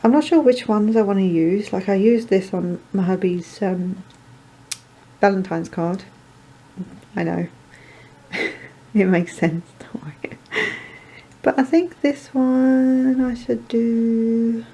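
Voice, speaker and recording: Crafter woman, mellow and gravelly, rambling tutorial chat with muttered asides. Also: a little high, slow, rough recording. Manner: rambling, chatty, self-deprecating asides, muttering to herself. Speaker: card-making crafter.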